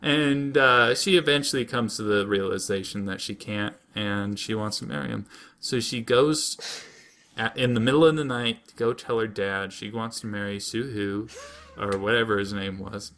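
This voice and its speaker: Bright-voiced man rambling through a recap. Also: fairly low pitch, moderate pace. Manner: rambling, jokey storytelling with silly put-on voices. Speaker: podcast co-host. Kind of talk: casual comedic recap.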